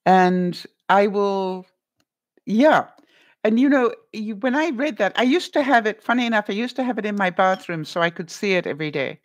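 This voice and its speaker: A middle-aged woman chatting on her livestream, musing aloud with plenty of ums and questions for her viewers. Her pitch is mid-range, her delivery animated and conversational. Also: moderate pace. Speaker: vlogger reading viewer comments. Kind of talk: casual livestream chat.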